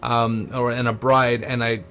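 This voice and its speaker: A man who is a wedding photographer, talking as an interview guest in an agreeable, relaxed way with fillers. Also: mid-range voice, unhurried, soft background music. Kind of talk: casual interview chat.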